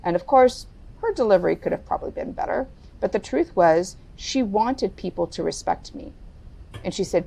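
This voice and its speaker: A middle-aged woman telling a personal story as a podcast guest, candid and deliberate. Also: vocal fry, a little mellow. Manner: candid, lowers her voice and speaks deliberately. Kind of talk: reflective interview storytelling.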